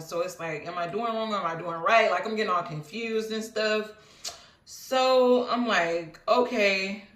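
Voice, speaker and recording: A woman's voice: deep voice, fairly bright tone. A woman recounts a personal story in a loose, rambling, earnest way, filling gaps with "um" and side remarks. Her voice sits some way off the mic, and the room around it rings noticeably. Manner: rambling, earnest, many fillers and asides. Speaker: vlogger. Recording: roomy, mic at a distance.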